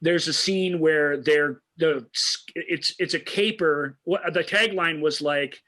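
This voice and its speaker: Bright-voiced man chatting eagerly about films. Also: on the high side, slow pace. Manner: enthusiastic, restarts sentences often. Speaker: co-host of a movie review show. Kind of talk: casual film discussion.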